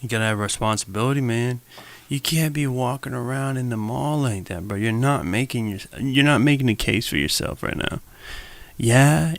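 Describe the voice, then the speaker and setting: A man's voice: mid-range voice, moderate pace, no room sound. A young man giving loose, slangy reaction commentary on a live stream, talking straight to viewers into a desk mic.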